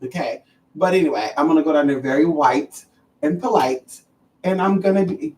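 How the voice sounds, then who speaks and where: Sassy livestream host, profane and animated, echoey room, mic set far off. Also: medium pitch, moderate pace. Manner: sassy, animated, profane, calls listeners honey and girl. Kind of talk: casual livestream chat to viewers. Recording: roomy and distant from the mic.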